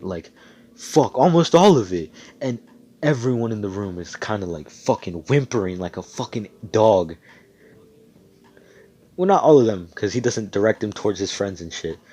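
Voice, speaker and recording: A man's voice: fairly low pitch, darkish tone, breathy edge. Rambling, profane young-sounding man telling a fan story. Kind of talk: casual fan-fiction storytelling. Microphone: computer mic on voice chat.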